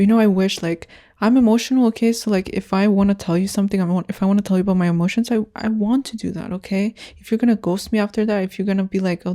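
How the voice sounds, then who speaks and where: A young woman from Canada talks through her dating woes on her own podcast, candid and rambling. Her voice is mellow and warm, at a middle pitch for a woman. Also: gravelly. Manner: candid, rambling, frustrated venting. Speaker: podcast host. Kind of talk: casual solo podcast chat.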